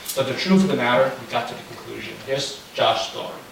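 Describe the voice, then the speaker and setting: Here the young pastor speaks fast in a mid-range, gravelly, slightly bright voice with a steady tone. He preaches casually through stories, chatty and full of fillers, in a church hall captured from a distance with heavy echo and faint noise.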